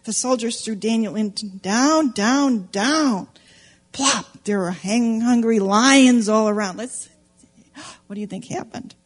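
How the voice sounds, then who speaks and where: Animated woman telling a children's Bible story. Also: fairly high pitch, measured pace, faint music behind. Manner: animated, playful, asks children questions. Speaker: Sunday school teacher. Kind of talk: storytelling demonstration lesson for children. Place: church classroom with children.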